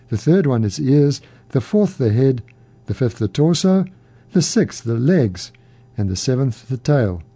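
A man hosting a program, reading a story aloud in a measured, gently humorous way. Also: mid-range voice, no room sound. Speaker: radio program host.

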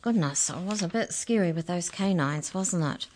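A woman reading a children's story aloud, with gentle, chatty asides to young listeners. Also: on the low side, moderate pace, slight background noise.

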